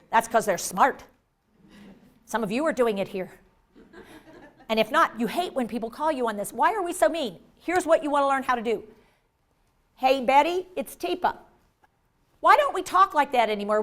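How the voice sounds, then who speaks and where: A woman giving a lively live workshop on dementia care, acting out inner voices and joking with the audience. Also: sits high. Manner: animated, acts out inner voices, jokey asides to the audience.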